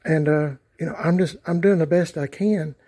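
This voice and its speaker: A middle-aged man rambles to his vlog audience, circling back with lots of fillers and restarts. His voice sits a bit high for a man but has a mellow, relaxed tone. He is talking outdoors by a garage. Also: normal speed. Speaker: YouTube vlogger. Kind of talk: casual talk to camera.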